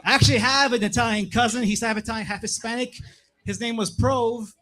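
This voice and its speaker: Laid-back young man doing stand-up on a club stage, with a fairly high voice. He leans on casual tags like "man" and "right?" between his jokes, speaking into a handheld stage mic. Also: fairly even intonation, fairly quick, sharp tone, faint music behind. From Plymouth, Massachusetts. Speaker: stand-up comedian. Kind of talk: stand-up comedy set.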